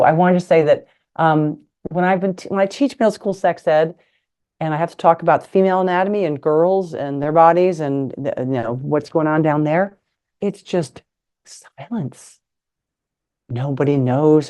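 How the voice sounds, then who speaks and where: A woman's voice: lowish voice, a little mellow. A middle-aged woman, a retired nurse and sex ed teacher, giving a frank, playful talk with props over a video call. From United States. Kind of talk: live online presentation with props. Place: indoors at a table.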